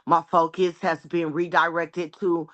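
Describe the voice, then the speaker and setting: A woman talking about her own progress with a coach on a video call, earnest and halting. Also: fairly low pitch, flat delivery, fairly bright tone, dull audio. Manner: earnest, halting, with fillers and restarts. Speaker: coaching client. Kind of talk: casual reflective sharing.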